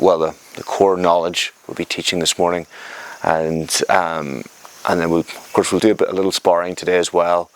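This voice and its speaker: A man teaching a jiu-jitsu class, explaining moves while he demonstrates them on a partner and often repeating words as he goes. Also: sits low. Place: training mat, indoors.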